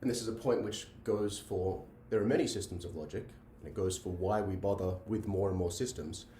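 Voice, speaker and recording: In a classroom with a board, a man briskly lectures on logic in a low, mellow voice. He keeps restarting phrases, repeats himself, and asks "right?". The mic is distant in an echoey room, with a little hiss or hum.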